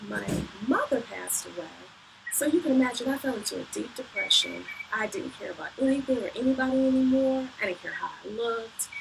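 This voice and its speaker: A woman's voice: a little high, gravelly. A woman telling her personal story in an earnest, reflective way, often repeating phrases, as a motivational speaker. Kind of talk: personal testimony. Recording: distant mic with background noise.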